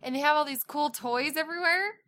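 A woman and mother chatting casually as co-host, telling animated stories loudly. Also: sits high, a little fast. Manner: loud, animated storyteller. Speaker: parent and co-host. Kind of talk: casual chat.

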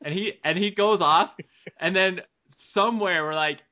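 A man's voice: high voice, moderate pace. Easygoing man hosting a lo-fi podcast. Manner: easygoing, laughing, rambling with restarts. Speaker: podcast host. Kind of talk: casual podcast chat. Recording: dull lo-fi podcast audio.

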